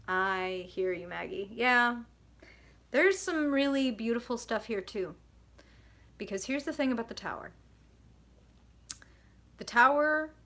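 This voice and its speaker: A young woman hosting a live tarot reading, chatting with viewers in an animated, casual way, swearing freely and saying "like" often. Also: mid-range voice.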